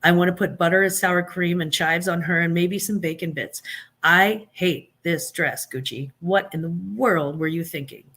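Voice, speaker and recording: A woman's voice: fairly low pitch, moderate pace, a bit bright. A woman hosting a live stream, giving blunt, sarcastic opinions in casual chat, with many fillers and restarts.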